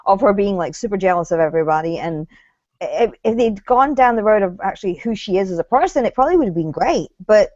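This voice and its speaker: A woman's voice: medium pitch, lively intonation, quick pace, darkish tone, dry recording, dull audio. A woman co-hosting a casual chat about reality TV, blunt and opinionated, swearing freely. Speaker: co-host.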